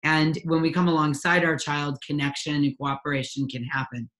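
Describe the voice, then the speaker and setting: A woman's voice: low-pitched, level tone, moderate pace, fairly bright tone. A woman in her forties, a parent coach, telling her personal story in an interview, earnest and candid with frequent ums and restarts. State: near tears at times.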